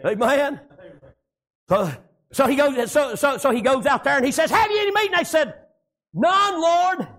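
A man preaching a sermon, shouting lines and dropping low, with frequent amens. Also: lively intonation, fairly quick.

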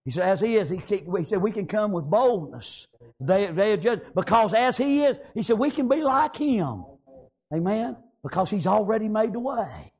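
A man preaching a sermon with fervor, breaking into shouts and peppering his lines with calls of praise, reading scripture slowly. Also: high voice, sing-song, husky. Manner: fervent preaching, rising into shouts, frequent "amen" and "praise God"; reads scripture in slow King James phrasing.

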